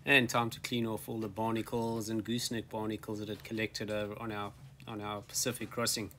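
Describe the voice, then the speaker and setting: Relaxed man, windy outdoors. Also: lowish voice, brisk. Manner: relaxed, hesitant, many ums and uhs. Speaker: sailing vlogger. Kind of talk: casual travel vlog narration. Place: outdoors on an island.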